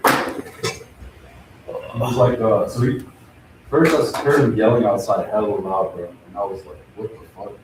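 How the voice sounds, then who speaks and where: Brief: young man, low voice, slangy profane storyteller, far from the mic in an echoey room. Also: fairly even intonation, measured pace, long pauses, noisy background. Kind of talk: casual chat.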